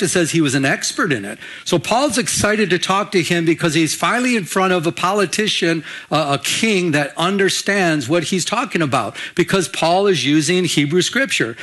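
An older male pastor delivers his sermon in an easy, conversational way, repeating words and restarting sentences as he thinks aloud. His voice sits a little higher than most men's, and he keeps asking the room for an amen. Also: a bit bright.

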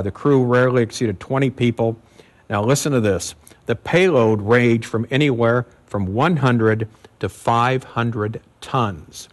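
A male pastor giving an expository sermon, teaching in a conversational way with emphatic repetition and occasional fillers. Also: mid-range voice.

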